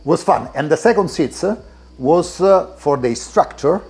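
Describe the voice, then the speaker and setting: Husky man with an Italian accent. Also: a little high, expressive, a little mellow. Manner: halting English with many restarts, enthusiastic about cars. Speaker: car collector giving a tour. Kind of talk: casual interview while walking a car collection. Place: indoor garage.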